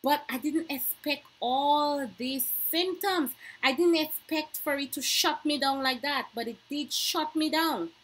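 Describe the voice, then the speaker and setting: A woman's voice: high voice, a little slow, hardly any pauses, fairly bright tone, low-quality recording. A middle-aged woman, talking earnestly to camera in a personal vlog and stressing her warnings. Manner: earnest, emphatic, repeats warnings. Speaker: vlogger.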